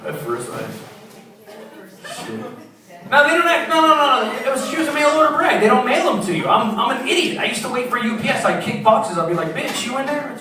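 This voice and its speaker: Brash high-voiced stand-up comic. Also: male voice, animated, moderate pace, distant mic. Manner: brash crowd work, teasing the audience. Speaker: stand-up comedian. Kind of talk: stand-up comedy set. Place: comedy club stage. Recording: echoey club recording from afar, loud crowd. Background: crowd laughter.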